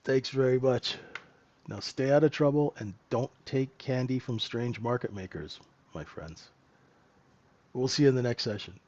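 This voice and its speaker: A man's voice: medium pitch, moderate pace, darkish tone, dry recording, lo-fi sound. A middle-aged man hosting a live trading room, chatting casually and joking with viewers, laughing often. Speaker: trading room host and mentor.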